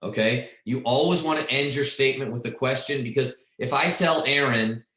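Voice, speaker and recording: Emphatic male sales trainer, mid-pitched, keeps asking "right?", roomy echo. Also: moderate pace, pushed and bright. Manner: emphatic, checks in with frequent "right?". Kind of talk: coaching a training session. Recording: echoey room.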